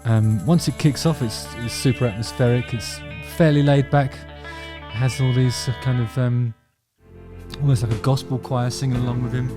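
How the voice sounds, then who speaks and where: A man's voice: medium pitch, steady tone, moderate pace, over loud music. A man chatting casually about favourite songs, rambling and enthusiastic, with many ums and restarts. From England. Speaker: vlog host talking about music.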